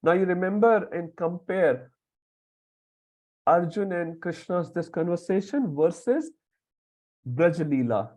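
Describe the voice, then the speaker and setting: A man's voice: sits high, lively intonation, slow, pauses often, darkish tone, low-quality recording. Man teaching a scripture class. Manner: explains verse word by word, acts out quoted dialogue. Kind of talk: lecture on scripture with storytelling.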